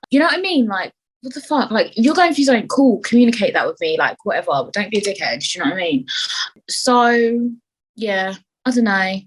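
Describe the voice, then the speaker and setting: A woman's voice: a little high, sing-song, fast talker, husky, rough recording. A woman hosting her own podcast, chatting casually, rambling off on tangents and swearing freely. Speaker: podcast host. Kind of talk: casual solo chat.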